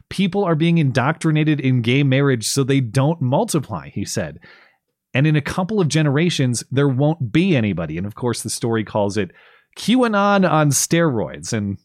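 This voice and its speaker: A male podcast host delivering political commentary in a casual, sarcastic way. His voice sits at an ordinary middle pitch. The recording is dry and close, with no room sound. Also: dry recording.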